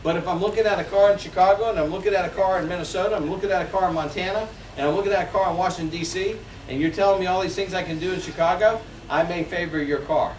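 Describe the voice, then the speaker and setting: Sales trainer, man, 40s. Lively, high-ish voice, recorded at a distance in an echoey room. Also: quick pace, hardly any pauses, slight background noise. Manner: energetic, role-plays customer calls.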